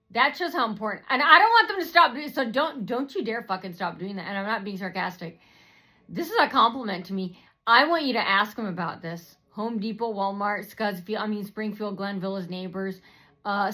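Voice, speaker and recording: A woman's voice: medium pitch, sharp tone. A woman vlogger ranting to her viewers in a rambling, repetitive way, full of fillers and swearing. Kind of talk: rambling personal rant to camera.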